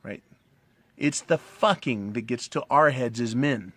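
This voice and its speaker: With a mid-range, slightly bright voice, a middle-aged man speaks a little slowly while smoking a cigar. As a commentary channel host addressing the camera casually, he rambles crudely and bluntly, saying "right?" again and again.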